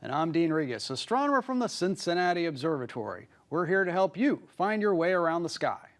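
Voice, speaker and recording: A man's voice: on the high side, sing-song, a little fast. A man co-hosting a scripted astronomy program as an astronomer, reading in a friendly, informative way. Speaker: co-host, astronomer.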